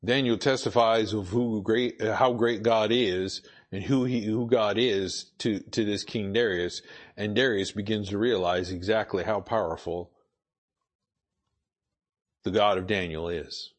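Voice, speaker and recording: A man's voice: on the low side, steady tone, a little slow. Man preaching in a chatty manner. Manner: conversational preaching with frequent restarts and asides. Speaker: pastor. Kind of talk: sermon.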